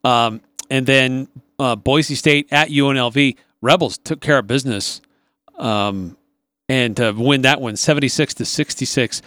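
A man co-hosting a sports radio show, chatting casually and following up with measured questions. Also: medium pitch, fairly bright tone, no echo.

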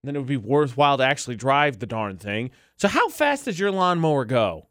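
A man co-hosting a casual radio show from a studio mic, playful and quick to laugh. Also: mid-range voice, sing-song, a bit bright, no room sound. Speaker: radio co-host. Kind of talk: casual morning radio banter. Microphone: studio microphone.

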